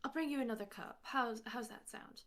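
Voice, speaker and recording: A woman's voice: a little high, a little fast, fairly bright tone, voice pushed up, lightly acted. A woman voicing Clementine, a fussing, motherly waitress who speaks in flustered apologies and calls people sugar. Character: Clementine, a warm fussing Southern-style waitress.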